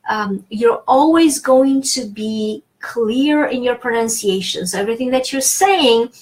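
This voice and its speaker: Casting note: woman, French accent, language teacher explaining rules patiently, relaxed and unscripted. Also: on the high side, unhurried, rough recording. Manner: explains patiently, with many fillers and restarts. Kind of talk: casual spoken lesson.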